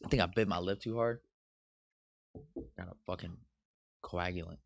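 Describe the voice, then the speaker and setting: A man's voice: sits low, normal speed, vocal fry. A man co-hosting a podcast in casual chat, joking and rambling, swearing freely. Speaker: podcast co-host.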